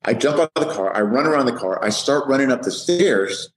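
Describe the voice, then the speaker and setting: A middle-aged man, a police sergeant, telling a lively story as a podcast guest, often laughing. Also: mid-range voice, fairly quick, reverberant, slight background noise, low-quality recording. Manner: lively, laughing anecdote teller. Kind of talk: animated storytelling.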